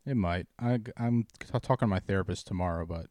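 Guy venting w lots of swearing, kinda low voice, goes from mumbly to loud, dead dry room. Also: fast, no room sound. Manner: profane, ranting, swings between mumbling and yelling. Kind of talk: casual chat.

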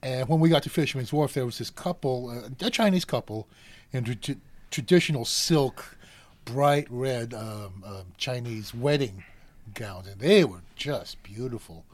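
A man's voice: medium pitch, unhurried. A middle-aged man, a cable car gripman, telling stories as an interview guest and acting out the voices of people in them. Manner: animated storyteller acting out voices. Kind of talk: storytelling in a podcast interview.

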